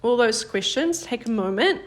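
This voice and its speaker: A woman's voice: fairly high pitch, expressive. Patient, encouraging woman teaching a lesson. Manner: patient, encouraging, praises viewers by name; slows down to model example sentences. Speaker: Korean language teacher. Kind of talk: live-streamed grammar lesson.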